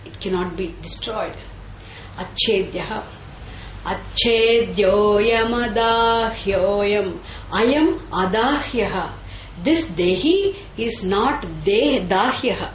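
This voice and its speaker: Slow, deliberate woman teaching scripture. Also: mid-range voice, echoey room, slight background noise, rough recording. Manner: slow and deliberate, repeats and chants Sanskrit terms; asks and answers her own questions. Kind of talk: scripture class lecture.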